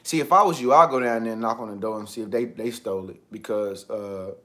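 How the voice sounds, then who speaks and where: A man putting on the low, mumbling voice of a shifty man denying he did anything. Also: fast talker, fairly bright tone, close to an everyday voice. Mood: evasive.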